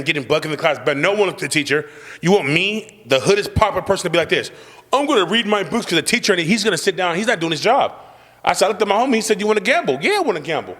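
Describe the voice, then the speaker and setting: A young man tells a rowdy, swaggering story in heavy street slang. His voice is a little high and his words come out fast. The room has a noticeable reverb tail. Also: fairly bright tone. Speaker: podcast host telling a story. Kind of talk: casual storytelling chat.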